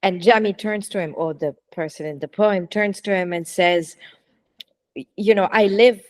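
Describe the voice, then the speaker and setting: A woman's voice: on the low side, moderate pace, darkish tone. A woman taking part in a discussion, recalling a poem in a hesitant way with many fillers. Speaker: participant in a gathering. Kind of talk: casual discussion.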